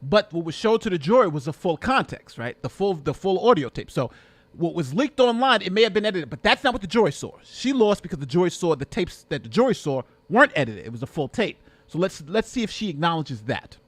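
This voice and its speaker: A man giving excitable reaction commentary, repeating himself and now and then bursting into shouts. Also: sits high, a little fast, dry recording.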